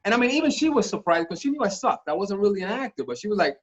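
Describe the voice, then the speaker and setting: A man guest on a podcast telling stories in a casual, animated, profane way, acting out the voices of the people in them. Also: high-pitched, very fast, few pauses. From Miami. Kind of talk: casual storytelling interview. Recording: dull lo-fi podcast audio.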